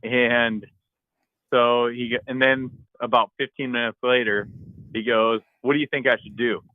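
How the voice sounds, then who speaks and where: Man, podcast co-host, casual animated storyteller, dry and slightly dull audio. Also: mid-range voice, moderate pace, dry recording. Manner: animated storyteller, acts out his own shouts and texts.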